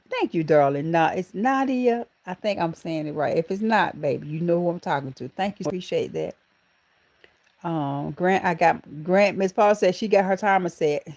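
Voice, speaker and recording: A middle-aged woman with a Southern American drawl hosts a casual live stream and chats with her viewers. Her voice sits a little low and she talks in a folksy, affectionate way, calling people honey and baby. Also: a little mellow. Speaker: channel host.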